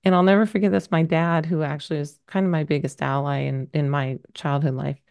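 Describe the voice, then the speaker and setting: A woman's voice: sits low, steady tone, a little fast, vocal fry, a little mellow, smooth. A middle-aged woman talking as a podcast guest, telling a personal story candidly, rambling a little with many fillers. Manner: emotional, rambling, lots of fillers.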